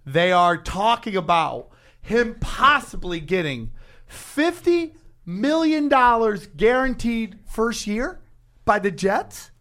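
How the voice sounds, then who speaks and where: A man's voice: sits high, very animated, slow, a bit bright. A man co-hosting a podcast, telling crude stories in casual chat and acting out quotes. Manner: crude, storytelling, acts out quotes. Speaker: podcast co-host.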